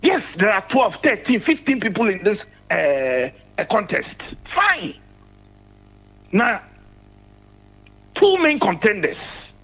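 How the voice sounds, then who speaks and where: A man's voice: sits high, big pitch swings, slow pace, long pauses, pushed and bright, husky, lo-fi sound. A man calling in to a radio show, talking politics emphatically and repeating his points. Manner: emphatic, repeats key phrases. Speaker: caller. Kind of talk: political call-in commentary.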